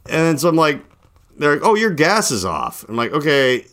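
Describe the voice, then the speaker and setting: Here the young man's voice sits on the high side, bright and sing-song at a normal pace. Hosting a relaxed late-night podcast, he spins out a lengthy story, peppering it with "like" and voicing each side of his phone conversations.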